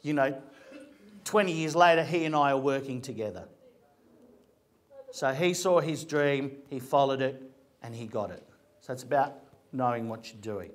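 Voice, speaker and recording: A middle-aged actor gives a casual talk, telling stories about his career in a chatty, rambling way and often restarting his sentences. His voice is mid-range, and he keeps a moderate pace broken by long pauses.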